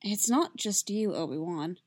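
A woman reading as a gentle, steady Jedi master. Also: mid-range voice, measured pace, no echo, clean studio sound.

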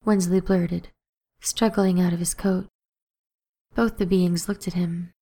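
A woman narrating an audiobook in a steady, even storytelling manner. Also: lowish voice, slow pace, slightly rough.

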